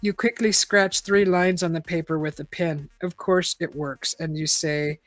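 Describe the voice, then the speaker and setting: A woman's voice: on the low side, fairly even intonation, measured pace, no room sound. A woman hosting a casual live-stream, reading a choose-your-own-adventure book aloud, chatting and laughing often.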